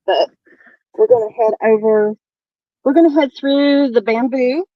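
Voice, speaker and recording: Woman, southern accent, tour guide, walking while talking, fairly high voice, dry dull phone sound. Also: unhurried, no room sound. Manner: chatty, walking outdoors while filming. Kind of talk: casual walking tour on a video call.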